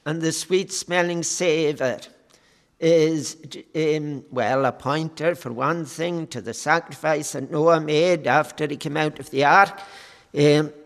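A man preaching a sermon in a slow, measured way, with frequent fillers. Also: on the high side, gravelly, fairly bright tone, long reverb tail.

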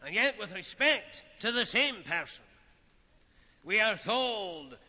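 A high, very bright male voice preaching a sermon at a slow, measured pace. He speaks with solemn weight and lets his phrases drop off into quiet pauses. The old lo-fi recording carries a long hall reverb. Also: sing-song.

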